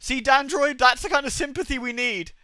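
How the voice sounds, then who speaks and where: A man streaming a game, commentating live in an animated, self-mocking way and laughing often. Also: extremely high pitch, a little fast, smooth, no echo.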